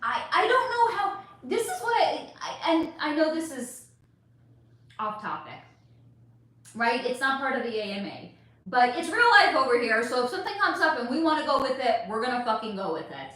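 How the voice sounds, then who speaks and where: A woman's voice: on the high side, very animated, normal speed, bright, forceful tone. A woman hosting a psychic livestream, chatting candidly with viewers and swearing freely as she answers their comments. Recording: very echoey room.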